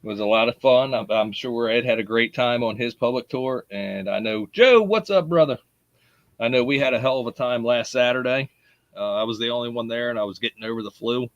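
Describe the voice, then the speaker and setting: A man's voice: medium pitch, steady tone, brisk, no echo, highs cut off. A man with a Baltimore accent hosting a live podcast in a casual, chatty way, greeting listeners by name and laughing often. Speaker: podcast host.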